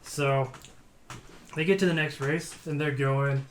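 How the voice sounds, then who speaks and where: A man's voice: medium pitch, steady tone, measured pace. Male player, playful joke storyteller, roomy room, faint hiss. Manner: playful, chuckles through the telling. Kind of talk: shaggy-dog joke storytelling.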